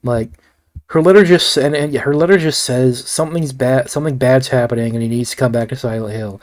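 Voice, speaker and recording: A man talking through a movie review on his own in a loose, meandering way. His voice sits in an ordinary middle pitch, and he swears freely, stops himself and doubles back mid-sentence. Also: steady tone, brisk, a little mellow. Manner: rambling, profane, frequent restarts and asides. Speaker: film reviewer. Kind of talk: casual solo review ramble.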